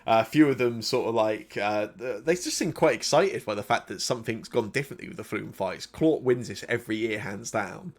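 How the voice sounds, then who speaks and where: A man's voice: on the low side, lively intonation, a little fast, few pauses. A man narrating a tabletop game as game master, loose and hesitant with many fillers.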